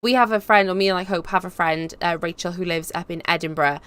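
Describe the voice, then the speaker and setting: A woman's voice: on the low side, quick pace, fairly bright tone, smooth. A young woman with a Cardiff Welsh accent chats her way through a live stream, reading comments aloud. She rambles freely and laughs often, keeping a casual, easygoing tone throughout. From Wales. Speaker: YouTube host reading live chat.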